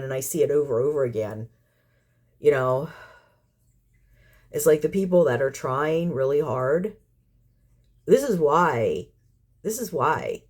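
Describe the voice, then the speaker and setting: A woman's voice: low voice, a little mellow. Casting note: woman vlogger, fed-up and sarcastic, rambles and repeats herself while venting at her viewers. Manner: exasperated, sarcastic, full of rhetorical questions. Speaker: community cat caretaker and channel host. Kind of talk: vlog rant to viewers.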